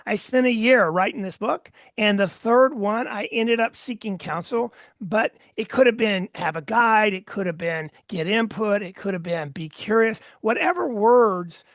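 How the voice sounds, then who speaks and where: A man with a gravelly, creaky voice tells a story as a podcast guest, stumbling over restarts as he acts out who said what. His voice is recorded close and dry, with no room sound. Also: high voice, measured pace, hardly any pauses, a bit bright, dry recording. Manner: chatty storyteller with many restarts and quoted dialogue. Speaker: guest, sales leadership coach. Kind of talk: conversational storytelling in a podcast interview.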